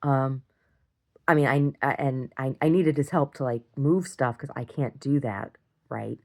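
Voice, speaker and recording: Gravelly woman telling a home story. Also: a bass voice, unhurried. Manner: rambling, animated retelling with acted-out quotes. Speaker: video diarist. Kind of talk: casual storytelling video diary.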